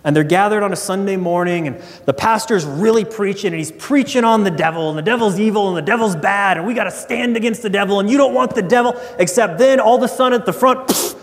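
Male pastor, sermon, casual storytelling, fairly high voice, long reverb. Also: fast, hardly any pauses. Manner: conversational storytelling preacher.

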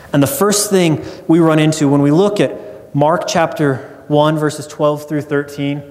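A man's voice: on the high side, a little mellow, long reverb tail. A man preaching a sermon as pastor, conversational and storytelling.

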